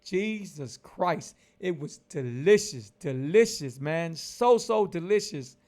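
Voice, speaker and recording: A man's voice: on the high side, expressive, slow, darkish tone. A man in his forties vlogging casually about his diet, emphatic and preachy, repeating his points over and over. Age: 40s. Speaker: keto lifestyle vlogger. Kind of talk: casual motivational vlog talk.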